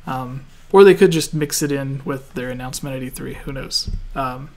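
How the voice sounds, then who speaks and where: A relaxed man from Canada hosts a casual gaming podcast. His voice sits at an ordinary middle pitch. He chats easily and laughs often while reading out listener questions. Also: normal speed. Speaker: podcast host.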